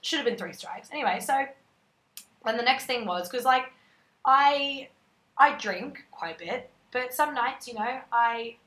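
A woman, telling a dating story in casual chat, animated and swearing freely. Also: on the high side, a little slow. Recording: roomy echo.

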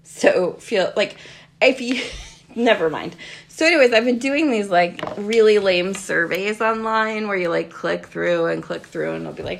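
A woman in her twenties co-hosting a podcast, chatting casually and telling animated stories with frequent laughter. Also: mid-range voice, measured pace, vocal fry, slight background noise. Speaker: podcast co-host.

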